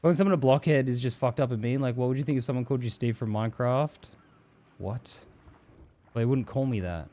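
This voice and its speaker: Man, live streamer, casual chat, swears a lot, jokey, reads chat aloud, mid-pitched voice. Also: a little fast, warm tone. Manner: profane, joking, reads viewer messages aloud.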